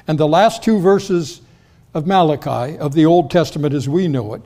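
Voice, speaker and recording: A man with a slightly raised pitch delivers a sermon as pastor. He teaches in an easy, conversational way and turns to the congregation with questions as he explains. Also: normal speed, dark tone. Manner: conversational Bible teaching, addresses the congregation directly.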